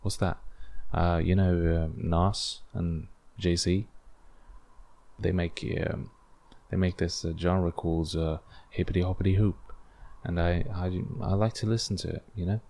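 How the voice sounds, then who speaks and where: A man's voice: sits low, fairly even intonation, a little slow, warm tone. A man hosting a casual solo podcast, rambling and self-deprecating with lots of fillers, English not his first language. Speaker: podcast host.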